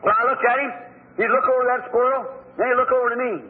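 A male preacher with a very high voice delivers a fervent, emotional sermon story. The sound is thin and tinny, like an old recording heard through a phone line. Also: fairly even intonation, fast.

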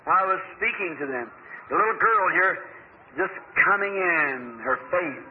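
High-voiced preacher on old lo-fi tape. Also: male voice. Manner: folksy, drawn-out storytelling that swells to high excited peaks. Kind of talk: sermon storytelling. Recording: old phone-like lo-fi tape with faint hiss.

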